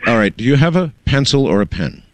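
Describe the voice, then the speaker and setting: A man's voice: medium pitch, very animated, fast, no echo. A man hosting a call-in radio show, cutting in often and steering the caller in a firm, businesslike way. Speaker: radio talk show host.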